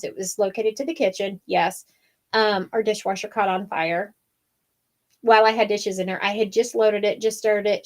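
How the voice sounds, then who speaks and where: Chatty, rambling woman telling a story. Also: mid-range voice. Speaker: wreath-making show co-host. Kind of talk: casual chat.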